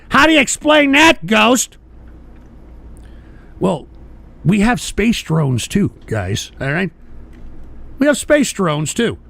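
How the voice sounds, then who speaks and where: A man's voice: very high voice, gravelly. A man hosting a live-streamed talk show, swearing at trolls and reading chat messages in a rambling, exasperated way. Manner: rambling with restarts and shouted outbursts. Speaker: host.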